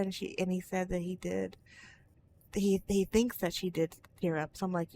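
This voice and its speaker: A woman's voice: medium pitch, steady tone, moderate pace, dark tone, a little hiss or hum. A woman talking frankly in a personal vlog, rambling with restarts and tangents. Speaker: vlogger.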